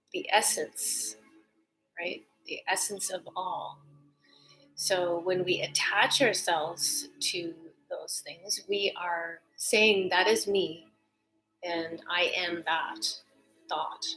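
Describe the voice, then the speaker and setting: A woman leading a guided breathing meditation, soft-spoken and calm, often drifting into whispers, then gently teaching. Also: on the low side, rough recording.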